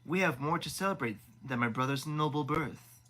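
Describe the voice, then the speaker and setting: A man's voice: fairly high pitch, normal speed, pushed and bright, poor audio. A man voicing a smug, boastful elder prince in a live audiobook reading, talking pompously. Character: smug proud elder prince, male adult.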